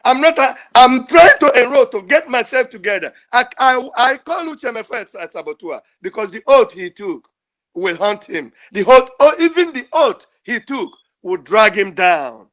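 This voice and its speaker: Older male caller, strikingly high-pitched, pleads emotionally and repeats himself. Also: very animated, normal speed, fairly bright tone. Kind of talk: impassioned call-in speech.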